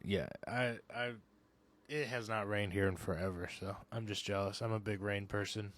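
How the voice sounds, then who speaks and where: A man's voice: on the low side, fairly even intonation, normal speed, fairly bright tone. A man co-hosting a comedy podcast, bantering playfully with jokes and swearing. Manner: playful, joking, profane banter. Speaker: podcast co-host. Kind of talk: casual podcast chat.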